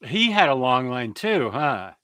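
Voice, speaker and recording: A man's voice: medium pitch, very animated, unhurried, pushed and bright, smooth, dry recording, clean studio sound. A man hosting a casual comics chat, telling wry stories in a laid-back way. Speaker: comics show host.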